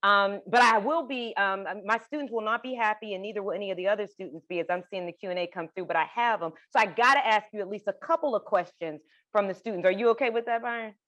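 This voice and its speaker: A woman's voice: medium pitch, fast talker, few pauses, muffled recording. A woman law lecturer moderating an on-stage interview, chiming in conversationally and steering toward audience questions. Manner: warm affirmations, easy conversational interjections. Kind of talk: hosting an interview and Q&A.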